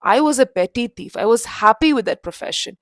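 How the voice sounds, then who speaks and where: A woman's voice: on the high side, lively intonation, a little fast, dry recording, lightly acted. A woman voicing a greedy male thief who talks in a plaintive, complaining way. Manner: pleading then complaining.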